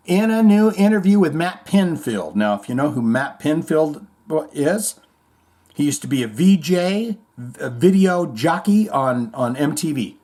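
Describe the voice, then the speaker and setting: A man's voice: on the high side, sing-song, measured pace, mellow. A man hosting a casual show, reading music news aloud and riffing on it with irreverent, rambling asides and swearing. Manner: irreverent, rambling, swears, mock-reads quotes. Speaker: host.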